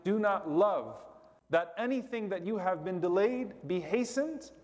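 Man preaching a slow sermon, high voice. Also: animated, a little mellow, big-room sound. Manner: explains slowly, repeating Arabic supplications then translating.

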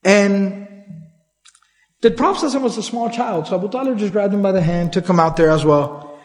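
A man giving a conversational religious lecture in a casual, chatty way, breaking into quick Arabic recitation, recorded in a reverberant hall. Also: sits high. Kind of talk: conversational Islamic storytelling lecture.

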